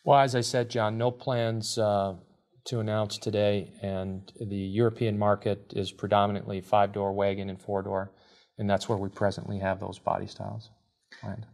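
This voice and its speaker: A man appearing as a guest engineer on a talk show, answering questions in a measured, hesitant way with frequent fillers. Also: lowish voice, level tone, gravelly, darkish tone. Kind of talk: studio interview answers.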